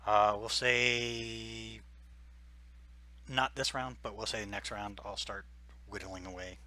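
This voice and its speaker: A man running a tabletop game as game master, relaxed, with ums and soft muttered asides. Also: on the low side, takes it slowly.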